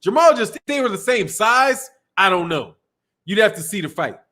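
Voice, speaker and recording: A man's voice: sits high, sing-song, normal speed, bright, forceful tone. A middle-aged man from Chicago hosting a boxing live stream in a loose, slangy, casual chat, laughing often. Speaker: boxing channel host.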